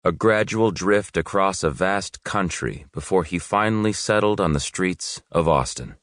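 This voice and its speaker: Guy with a really low voice reading an audiobook, steady and measured, dry close mic. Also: dry recording. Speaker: audiobook narrator. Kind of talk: scripted narration.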